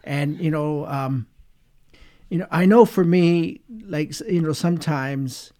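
On a faith webcast, this male co-host's voice is mellow and on the high side, with a measured pace. His talk wanders reflectively, looping around his ideas with plenty of "you know" thrown in.

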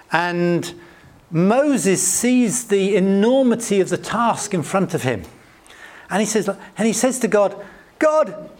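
An earnest middle-aged man delivers a sermon in a slightly high voice. He lifts his voice to act out quoted prayers, then sinks into soft, near-whispered lines. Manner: earnest, rises high acting out quotes, drops soft and hushed. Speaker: preacher.

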